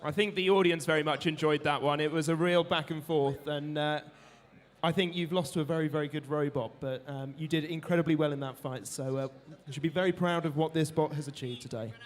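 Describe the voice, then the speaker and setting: A man's voice: fairly high pitch, fairly even intonation, brisk. A man hosting the arena, interviewing robot drivers after fights and announcing winners with showman flair. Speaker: arena host. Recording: reverberant hall.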